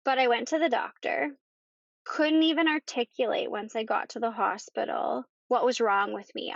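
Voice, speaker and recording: A woman, a podcast guest, tells her personal story in conversation, halting and repeating herself as she goes. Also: a little high, gravelly, no echo. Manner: halting, with many pauses and repeated words. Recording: dull lo-fi dry recording.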